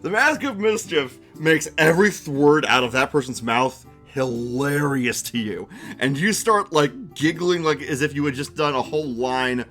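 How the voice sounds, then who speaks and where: A man's voice: on the high side, lively intonation, normal speed, a bit bright, faint music behind. A man running a tabletop game on a live stream, narrating animatedly, giggling, and chatting with his viewers.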